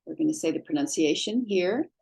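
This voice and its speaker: Woman teacher going over sounds real slow, lowish husky voice, patient step by step. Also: animated, darkish tone. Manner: slow, careful drawn-out pronunciation of sounds. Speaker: Hebrew teacher. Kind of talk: slow instructional lesson.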